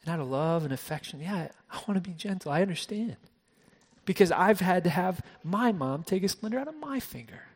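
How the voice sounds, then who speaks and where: Pastor, man, slightly higher voice, preaching in a reverberant church hall; drops to a hush, then builds to emphasis. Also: lively intonation, a little fast, husky. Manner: shifts between soft hushed passages and raised emphatic ones; frequent word repeats and restarts. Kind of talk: sermon.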